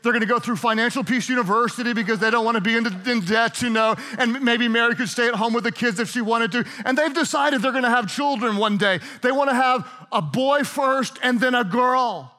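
A man's voice: very high-pitched, brisk, hardly any pauses, sharp tone. A middle-aged man preaching a sermon, retelling a story in a playful, chatty way and laughing often. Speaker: pastor.

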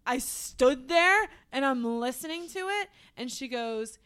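A woman's voice: sits high, expressive, unhurried, a bit bright, smooth. A young woman co-hosting a podcast, telling a personal story in casual chat, rambling with lots of "like" and restarts. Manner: rambling, heavy use of "like", restarts. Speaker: podcast co-host.

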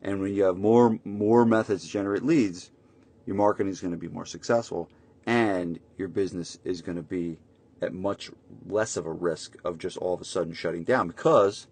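A man's voice: sits low, normal speed, darkish tone, slightly rough. A man hosting a casual solo podcast as a gym marketing coach, talking emphatically, repeating his points and often adding tag questions.

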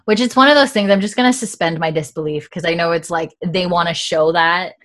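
A woman's voice: fairly low pitch, fairly quick, a bit bright. A woman co-hosting a podcast, recapping a TV episode in a casual, rambling way full of fillers and restarts. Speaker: podcast co-host.

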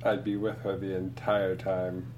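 A man's voice: low-pitched, completely flat delivery, measured pace, a little mellow, slight background noise. Blunt, guarded male player. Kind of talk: playing a tabletop game in character.

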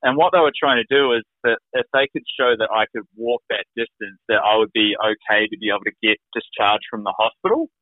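A man's voice: lowish voice, brisk, few pauses, dry recording. A man, a guest on an interview, telling his own story in a rambling, casual way, full of "like" fillers. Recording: tinny phone-like remote call audio.

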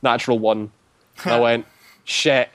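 A man's voice: mid-range voice, steady tone, normal speed, no echo. Casual male storyteller, rambling delivery full of fillers, dry close sound. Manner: rambling, heavy use of "like" fillers. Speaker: tabletop game player.

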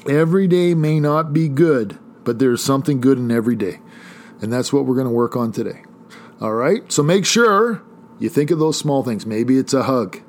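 A man's voice: medium pitch, animated, normal speed. Chatty man hosting a motivational podcast. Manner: chatty, rambling, motivational coach-like. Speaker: podcast host. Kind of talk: casual solo podcast talk.

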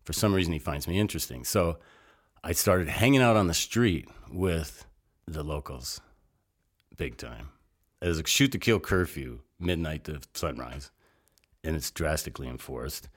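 An older man telling long, rambling stories as an interview guest, animated and salty, with frequent asides. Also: rumbling low, normal speed, breathy edge. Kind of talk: casual storytelling.

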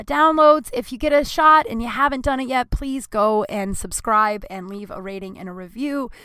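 A woman's voice: a little high, bright, forceful tone, smooth, no room sound, clean studio sound. A young adult woman hosting her own podcast, telling candid stories in a rambling way with many ums and self-deprecating asides. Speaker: podcast host. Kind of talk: casual solo podcast storytelling.

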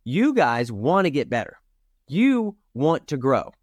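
A man's voice: medium pitch, very animated, a little slow, no echo. A middle-aged man, a podcast host, giving a direct, emphatic motivational talk straight to his listeners. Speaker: podcast host and rodeo competitor.

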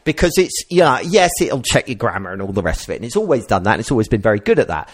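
Guy hosting a podcast, lively up and down voice, rambly, keeps correcting himself. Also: mid-range voice, very fast. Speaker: podcast host. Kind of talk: casual podcast chat.

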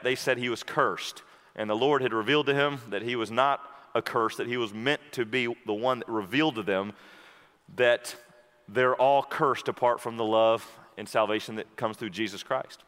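A man preaching a sermon, telling a story and then moving into a quiet, intimate prayer. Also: medium pitch. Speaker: pastor. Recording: long hall reverb.

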